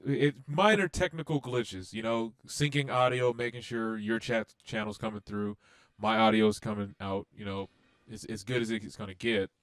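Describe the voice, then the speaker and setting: A man hosting a casual racing game livestream, rambling and animated with lots of fillers. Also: lowish voice, moderate pace, no room sound. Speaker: livestream host. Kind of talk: casual gaming livestream chat.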